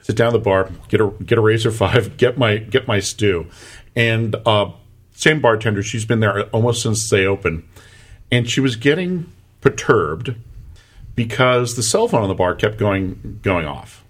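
A man's voice: on the low side, lively intonation, unhurried. A man co-hosting a casual talk show, rambling through an anecdote with many restarts. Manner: rambling, restarts often, laughs through stories. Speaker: podcast co-host. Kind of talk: casual chat, storytelling.

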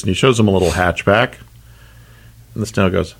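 A man co-hosting a casual chat who tells jokes and throws in quick wisecracks. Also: low voice, gravelly, slightly rough. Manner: playful joke-teller, quick wisecracks. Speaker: co-host.

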